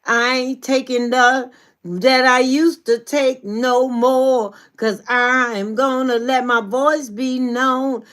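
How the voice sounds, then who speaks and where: A woman's voice: sits high, little pitch movement, slow pace, fairly bright tone, voice pushed up. A woman voicing her younger sister, now bold and declaiming with pride. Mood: proud. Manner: proud, declaiming, emphatic.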